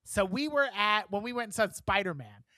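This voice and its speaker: A man co-hosting a podcast, telling animated, profane stories in casual chat and acting out the people in them. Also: sits high, fairly quick, dry recording, clean studio sound. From moved to New York from elsewhere. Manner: animated, profane storytelling with acted quotes. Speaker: podcast co-host.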